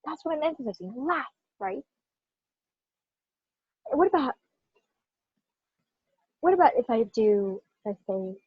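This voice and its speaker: A woman teaching a pronunciation lesson to students, animated and stressing single words in example sentences, checking in often with "right?". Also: fairly high pitch, slow pace, pauses often, husky, dry recording. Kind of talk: classroom teaching. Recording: dull lo-fi sound.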